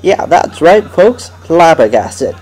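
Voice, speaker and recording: A man's voice: a little high, very animated, slow, darkish tone, breathy edge, low-quality recording. A man hosting a homemade comedy radio show, rambling and goofy and laughing at his own jokes. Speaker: host.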